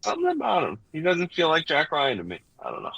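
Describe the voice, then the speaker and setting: A man's voice: on the high side, wildly swooping pitch, quick pace, creaky, bright, forceful tone, slightly rough, dry recording, dull audio. A man in his forties chatting casually as a podcast co-host, blunt and profane, rambling from point to point. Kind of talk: casual chat.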